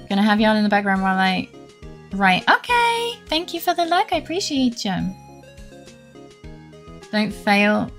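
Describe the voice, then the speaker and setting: Brief: woman streamer, casual rambling chat, vocal fry, faint game music under her. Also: medium pitch, sing-song, measured pace, long pauses, a bit bright. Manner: rambling, self-deprecating, mumbling asides. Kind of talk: casual gaming livestream chat.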